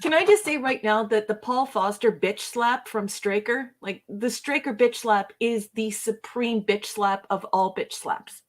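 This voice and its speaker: A woman's voice: a little high, unhurried, few pauses. A woman co-hosting a podcast in casual chat, emphatic and opinionated. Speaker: podcast co-host.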